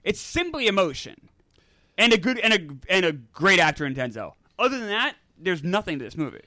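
A man's voice: high-pitched, very animated, brisk, sharp tone, dry recording, clean studio sound. A man in his forties co-hosting a casual movie review chat, blunt and opinionated. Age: 40s. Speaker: podcast co-host.

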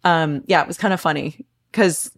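A woman co-hosting a talk podcast, with a lowish voice and a chatty, animated way of speaking. The sound is dry and close. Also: normal speed, no echo. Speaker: podcast co-host and reporter. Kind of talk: casual chat.

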